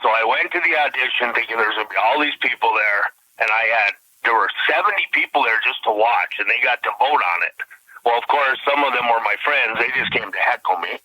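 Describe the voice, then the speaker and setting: Over a phone line, a comedian guest from Minnesota's Iron Range tells folksy, blunt stories in a strong Minnesota accent. His medium-pitched voice is brisk and lively in intonation, sounding pushed and bright with no echo.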